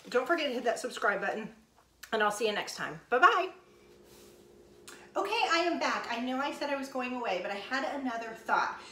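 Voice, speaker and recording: A woman's voice: fairly high pitch, a bit bright. A woman chatting casually through a cooking vlog in her home kitchen, talking folksy to viewers. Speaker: cooking vlogger. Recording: echoey kitchen, voice from a distance.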